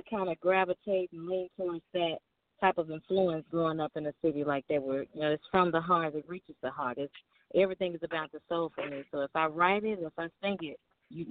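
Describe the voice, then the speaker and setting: A young woman from Memphis, Tennessee, with a Southern accent and a lowish voice, calls in from home over a dry, tinny phone line with no echo. A singer and songwriter, she gives easygoing, reflective interview answers.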